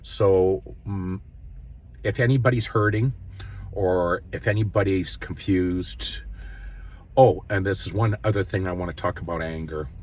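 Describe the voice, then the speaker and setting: Low, husky-voiced man giving gentle life advice. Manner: earnest, gently preaching, with many pauses and fillers. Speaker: host. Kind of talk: casual spiritual self-help talk.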